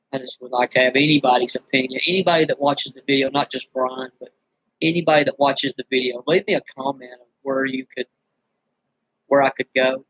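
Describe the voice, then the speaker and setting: A man's voice: medium pitch, steady tone, normal speed, long pauses, a bit bright, no echo, muffled recording. A man vlogging and venting his frustrations, weary and bitter, rambling with many restarts, his throat dry from screaming earlier. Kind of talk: venting straight to camera.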